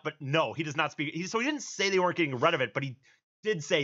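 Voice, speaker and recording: Bright-voiced male podcast co-host. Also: fairly high pitch, very animated, racing, muffled recording. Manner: explains with restarts, recounting news. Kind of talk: casual podcast chat.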